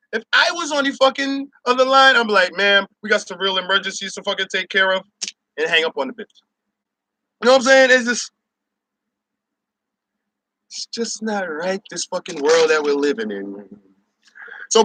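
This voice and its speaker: Male host, high and sharp-toned, profane laughing rant, dry mic. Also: no room sound. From Barbados. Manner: loud, profane, laughing, mocks others in shouted voices. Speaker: show host. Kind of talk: ranting opinion monologue.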